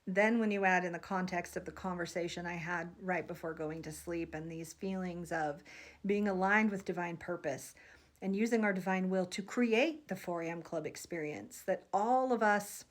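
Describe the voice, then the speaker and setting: A woman's voice: fairly low pitch, moderate pace. A woman in her thirties, a psychic, telling a vivid dream to her viewers in an earnest, emotional vlog monologue. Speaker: psychic vlogger.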